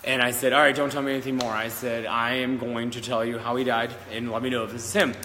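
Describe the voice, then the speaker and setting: A man's voice: mid-range voice, level tone, fast, pushed and bright, big-room sound, slight background noise. A man working as a psychic medium, telling a story casually to camera in a rambling, giggly way with many fillers and restarts. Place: old schoolhouse in the country, indoors.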